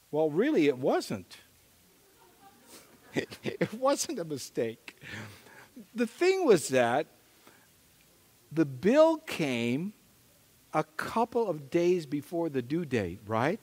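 A middle-aged male pastor preaching a story-driven sermon, animated and acting out the voices in his anecdotes. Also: very high-pitched, slow pace, long pauses. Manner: animated, acts out quoted voices, chuckles at himself. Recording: long reverb of a large hall.

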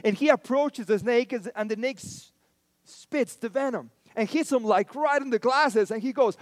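A man's voice: extremely high pitch, normal speed, no echo. A man preaching a sermon as pastor, telling stories in a conversational way and repeating lines for emphasis.

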